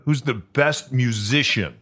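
A man's voice: medium pitch, measured pace, fairly bright tone, slightly rough. A man in his fifties hosting a friendly interview, asking rambling questions and reminiscing with his guest. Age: 50s. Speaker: podcast host. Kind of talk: casual interview chat.

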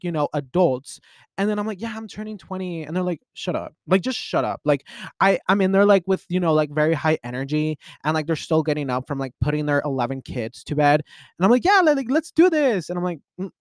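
Rambling twenty-year-old man, dry sound. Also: dry recording. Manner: rambling, full of "like" and restarts; excitable pitch jumps. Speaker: podcast host. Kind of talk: casual solo monologue. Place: in his closet.

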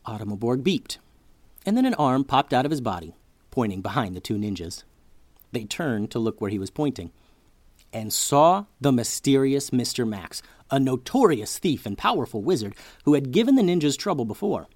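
A man's voice: medium pitch, animated, normal speed, darkish tone, no echo. A man hosting a children's story podcast who narrates expressively, like a storyteller for kids.

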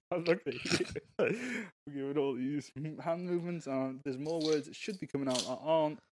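A man's voice: on the high side, fairly even intonation, moderate pace, a little mellow, no echo. A man co-hosting a casual music review podcast, rambling and searching for words. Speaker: podcast co-host.

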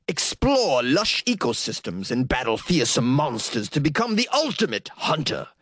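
A man doing a booming game-trailer announcer. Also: fairly bright tone, dry recording, heavily acted. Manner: slow, dramatic, booming announcer delivery. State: straining throat. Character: grand male video game trailer announcer.

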